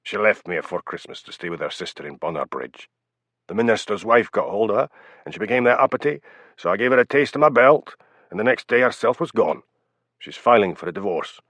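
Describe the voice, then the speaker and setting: A man's voice: fairly low pitch, animated, a little fast, a bit bright, dry recording. Man doing a snarling drunk Scot. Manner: snarling, hostile. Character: drunk, bad-tempered middle-aged man. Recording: dull lo-fi, dry.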